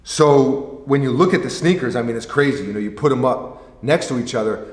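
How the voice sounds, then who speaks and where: A man's voice: mid-range voice, a little fast. A man who hosts a sneaker vlog, talking casually and rambling with jokes and restarts. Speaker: sneaker vlogger. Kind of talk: casual chat. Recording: roomy echo with long reverb.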